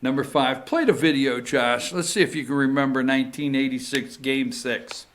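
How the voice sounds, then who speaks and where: A man's voice: mid-range voice, normal speed, fairly bright tone, slight background noise. A man hosting a talk show, talking casually in a rambling, emphatic way with sudden emotional outbursts.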